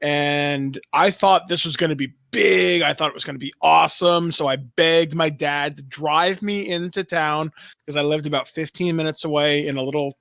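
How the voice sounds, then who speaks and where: A man from Canada telling stories in casual chat, animated and swearing often. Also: on the high side, gravelly, dry recording, studio quality.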